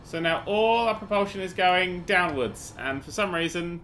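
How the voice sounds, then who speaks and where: A man giving excitable, sarcastic gameplay commentary, swearing freely as he flies. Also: high-pitched, moderate pace, slight background noise. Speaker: gaming video host.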